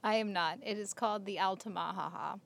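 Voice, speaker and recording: A woman's voice: mid-range voice, brisk, gravelly, slight background noise. Chatty young woman telling a legend. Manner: chatty, giggly storytelling with filler words. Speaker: podcast co-host. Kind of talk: casual podcast chat.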